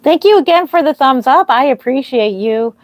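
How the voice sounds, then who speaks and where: A woman livestreams from her home nursery as a reborn doll artist, wearing a microphone while she chats with viewers and thanks them by name. Her high-pitched voice has lively intonation and a moderate pace, with plenty of fillers and a slightly dry throat, on a dry recording.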